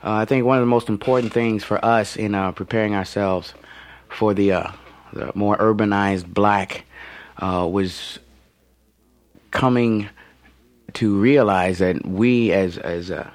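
A young male actor with a low voice who speaks haltingly and thoughtfully in an interview. The sound is dry and close. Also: fairly even intonation, dry recording. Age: young adult. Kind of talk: interview talk.

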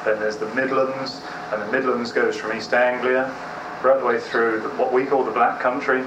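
A man's voice: mid-range voice, level tone, moderate pace. A man, answering interview questions in a wry, joking way. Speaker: guest. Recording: distant roomy mic with noise.

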